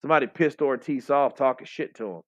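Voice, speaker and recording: A man hosting a live boxing commentary stream, joking, cursing and getting excited, on a dull, dry recording. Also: mid-range voice, fast, no echo. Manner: excitable, profane, joking banter.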